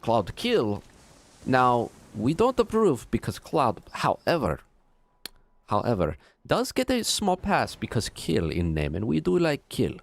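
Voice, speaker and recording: A man voicing a gruff male soldier with a mock Russian accent, speaking in blunt, broken English. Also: mid-range voice, huge pitch swings, a little slow, full character voice. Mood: boastful.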